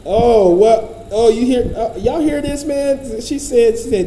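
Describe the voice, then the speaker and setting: A man's voice: very high voice, unhurried, dark tone, roomy sound, slight background noise, low-quality recording. A man giving casual commentary, profane, blunt and rambling.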